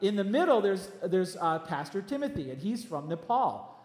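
A man preaching a sermon as pastor of his church, emphatic and animated, with quick asides. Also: high-pitched. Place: church hall. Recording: echoey church hall.

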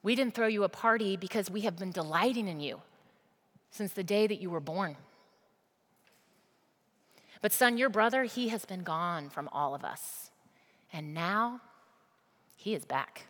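A woman's voice: mid-range voice, animated, unhurried, pauses often. A woman voicing a tender, loving father. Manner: earnest, pleading gently. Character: loving middle-aged father, tender and rejoicing. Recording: long reverb of a large hall.

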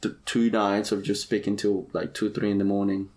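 Male podcast co-host, candid and profane, relaxed storyteller. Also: lowish voice, normal speed. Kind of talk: casual chat.

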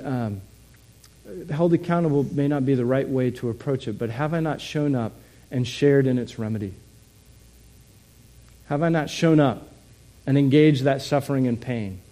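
A man's voice: a little high, dark tone. A man preaching a sermon in a conversational way, often asking his listeners questions. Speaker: pastor.

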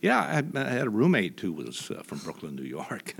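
A man from Indiana, a guest in an interview, telling stories in a halting way with many restarts. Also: on the low side, wildly swooping pitch, vocal fry. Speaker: guest, voice imitator. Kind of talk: reflective conversational storytelling.

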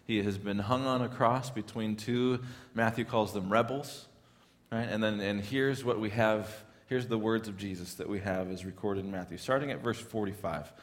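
A pastor preaching a sermon in a church, talking in a conversational way, often repeating words and rising into loud, pleading questions. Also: male voice, fairly low pitch, steady tone, normal speed, big-room sound.

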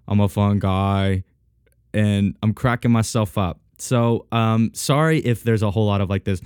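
A man's voice: lowish voice, darkish tone, clean tone, dry recording, studio quality. Congested joking male podcast host. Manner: joking, rambling, self-mocking. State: congested, sniffly, sinus-deepened voice. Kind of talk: casual solo podcast chat.

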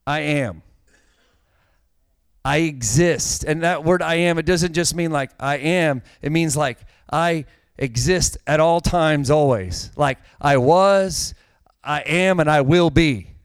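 A male pastor preaches in an easy, conversational way and often turns to the congregation with questions. His voice is smooth and clear and sits a bit high. The sound is dry, with no room echo. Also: takes it slowly. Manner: conversational, direct address to congregation. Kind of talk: sermon.

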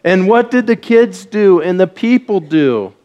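A man's voice: high-pitched, animated, unhurried, a little mellow, highs cut off. Man quizzing kids on a church mic. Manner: asks the kids many questions, leads call-and-response. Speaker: pastor giving a children's message. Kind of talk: children's sermon in church. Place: church sanctuary with congregation. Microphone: wears a mic.

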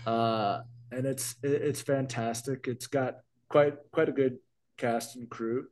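A man's voice: medium pitch, steady tone, slow pace, a little mellow. A middle-aged man co-hosting a podcast, chatting casually and rambling with many restarts. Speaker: podcast co-host. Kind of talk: casual chat.

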